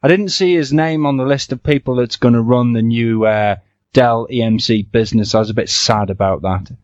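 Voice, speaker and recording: A man's voice: mid-range voice, a little fast, dry recording. A man co-hosting a podcast, casually asking questions about the tech industry in an easygoing way. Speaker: podcast co-host. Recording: dry, dull lo-fi audio.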